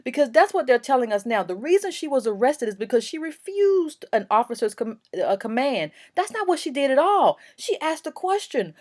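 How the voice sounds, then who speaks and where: A woman with a fairly high voice delivers opinion commentary for her own vlog. She speaks emphatically and with indignation, stumbling into fillers and restarts as she pushes her point. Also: big pitch swings, normal speed, hardly any pauses, darkish tone.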